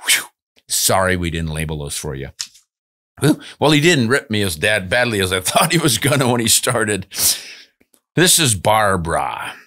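A man with a low voice hosts a casual podcast. He answers listener mail in a relaxed, folksy way, tossing in quick ad-libs and a good-natured chuckle now and then. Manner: easygoing, folksy, chuckles and ad-libs while reading letters.

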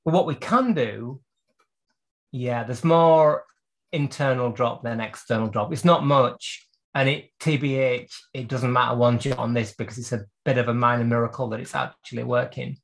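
During a live video call, a man teaches clock repair at his bench in a gravelly, mid-range voice at a moderate pace, thinking aloud as he explains each step of the workshop demonstration.

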